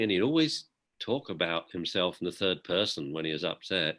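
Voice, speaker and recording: An older man, a guest, telling a personal story in a reflective, emotional way, often halting and restarting. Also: deep voice, a bit bright.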